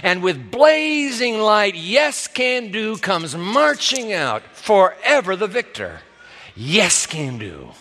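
Animated high-voiced preacher in a hall. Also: male voice, takes it slowly, hardly any pauses. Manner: dramatic, acts out quoted voices. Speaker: pastor. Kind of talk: sermon. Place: church sanctuary. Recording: reverberant hall.

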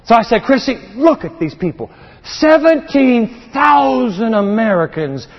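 Middle-aged preacher in a reverberant hall. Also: male voice, extremely high pitch, sing-song, measured pace. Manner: impassioned preaching, with frequent word repeats and restarts. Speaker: pastor. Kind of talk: sermon. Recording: reverberant, dull lo-fi sound.

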